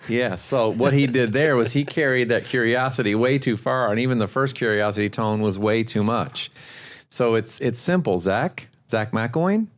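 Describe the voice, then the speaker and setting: A man's voice: medium pitch, steady tone, moderate pace. A man co-hosting a sales podcast, coaching listeners in an explanatory way and repeating points for emphasis. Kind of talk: podcast discussion.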